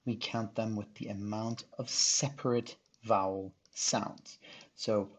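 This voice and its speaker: A man's voice: on the low side, steady tone, slow pace, slightly rough. A male teacher giving a recorded phonics lesson, patiently sounding out syllables and letters one by one. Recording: dull lo-fi recording.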